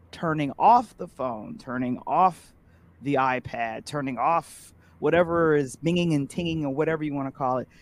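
Supportive podcast host. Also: medium pitch. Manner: supportive, frequent short affirmations. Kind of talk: casual podcast conversation.

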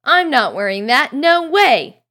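A woman's voice: a little high, very animated, normal speed, voice pushed up. A woman reading aloud and voicing a fussy, motherly middle-aged witch who scolds and bustles. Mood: insistent.

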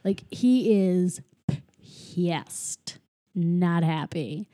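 A woman's voice: on the low side, very slow. A woman in casual chat, animatedly retelling a film scene by scene, acting out the characters' lines and saying "like" a lot. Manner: animated retelling, acts out quoted lines, frequent "like". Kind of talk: casual movie recap chat.

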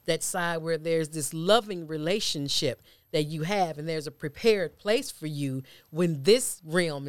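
A man's voice: fairly high pitch, no room sound. A man co-hosting a casual faith discussion, building his points with preacherly repetition. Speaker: church podcast co-host.

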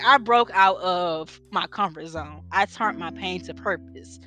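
A woman's voice: fairly low pitch, measured pace, bright, forceful tone. Earnest woman preaching over guitar music. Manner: earnest, preacher-like, rhetorical questions. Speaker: inspirational speaker. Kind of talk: faith-based motivational talk. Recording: guitar music bed under voice.

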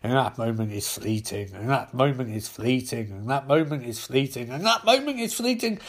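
A stern alien hero delivers a solemn warning in a grave, measured voice, as a man reading a comic puts him on. The pitch still wanders up and down in a lively way. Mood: ominous.

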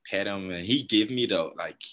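A young man, a guest on a podcast, telling stories in a laid-back, soft-spoken way with frequent laughs. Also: lowish voice, moderate pace. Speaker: guest, professional baseball player. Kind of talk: casual interview chat.

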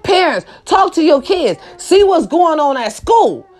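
A woman ranting to camera, blunt and profane, firing rhetorical questions and swinging between shouting and low muttered asides. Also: sing-song, measured pace. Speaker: social media commentator. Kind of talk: impassioned rant to camera.

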